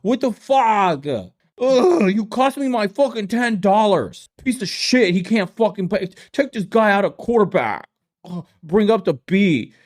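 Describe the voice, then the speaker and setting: A man putting on the voice of a loud, profane young football-fan bro who whines and yells at the game. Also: high-pitched, expressive, measured pace, voice pushed up. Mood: rowdy whining. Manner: whiny, profane, yelling at the game.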